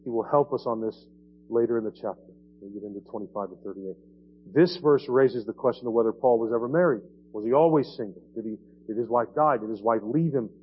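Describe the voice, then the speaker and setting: A man's voice: medium pitch, quick pace, slightly rough, highs cut off. A man preaching a sermon in a conversational way, often asking his listeners "right?" as he explains the passage. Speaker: pastor. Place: church sanctuary.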